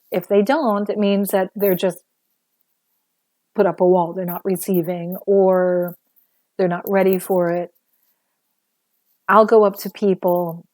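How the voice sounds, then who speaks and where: A woman's voice: on the low side, warm tone, no echo. A woman giving a casual livestream talk as a spiritual teacher, chatty and earnest with many fillers, a little sore after a busy day.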